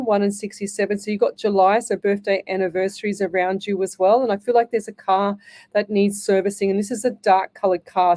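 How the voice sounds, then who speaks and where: A woman's voice: medium pitch, dark tone. A middle-aged woman hosting a live radio show as a psychic medium, talking in a chatty, repetitive way and calling listeners lovey. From Australia. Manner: chatty, repeats herself, calls listeners lovey.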